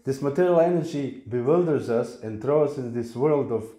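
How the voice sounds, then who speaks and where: Man, playful spiritual teacher, mellow tone, echoey hall. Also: medium pitch, moderate pace. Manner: playful storytelling, acting out little voices. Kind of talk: lecture on scripture. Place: temple hall. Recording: echoey room.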